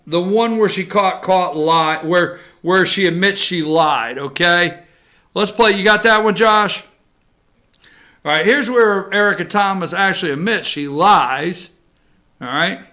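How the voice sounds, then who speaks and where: Male talk show host, bright and raised in pitch, animated with sarcastic asides. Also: takes it slowly. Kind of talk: casual commentary.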